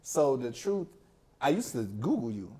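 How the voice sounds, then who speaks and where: A young man, a podcast guest, chatting casually and telling a personal story with lively slang. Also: mid-range voice, measured pace. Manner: animated storytelling with slang, acting out quoted people. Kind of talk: casual chat.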